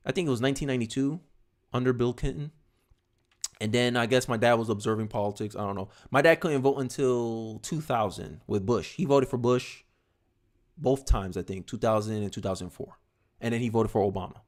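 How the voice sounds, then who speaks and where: Casual and animated, a young man offers political commentary on his livestream in a medium-pitched voice. He drops fast asides and repeats words as he picks up steam.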